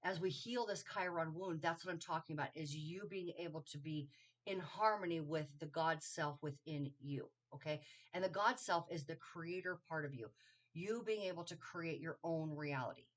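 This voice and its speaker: A woman's voice: low voice, moderate pace. A woman giving a casual spiritual astrology talk, rambling and correcting herself with lots of ums and okays. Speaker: astrology teacher. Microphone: solo video to camera.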